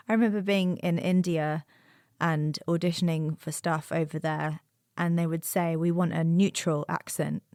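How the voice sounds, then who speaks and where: A woman with a London accent chats on a podcast, her voice pitched on the low side. She listens and affirms, then shares her own stories. The recording is dry and close. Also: steady tone, a little slow, darkish tone, no echo. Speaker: podcast co-host. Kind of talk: casual chat.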